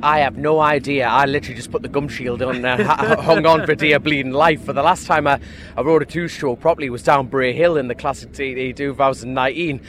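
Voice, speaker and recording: A man in the middle of his usual pitch chats after a practice session, cheeky and full of jokes. He is recorded outdoors, with faint noise around him. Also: fairly even intonation, brisk, hardly any pauses, a bit bright. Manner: cheeky, jokey, laughing storyteller. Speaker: motorcycle racer. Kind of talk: post-practice interview. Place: outdoors at a race paddock.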